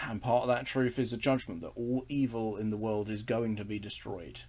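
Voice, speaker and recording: A man's voice: lowish voice, steady tone, fairly quick, few pauses, darkish tone, breathy edge. A man leading a casual online Bible study, earnest and enthusiastic, chuckling and restarting as he talks.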